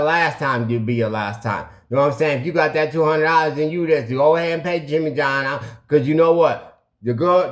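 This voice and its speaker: A man hosting a recovery channel, telling a story to his camera in a casual, animated way, acting out phone calls and making sound effects, and saying "you know what I'm saying" again and again. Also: fairly high pitch. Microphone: video camera.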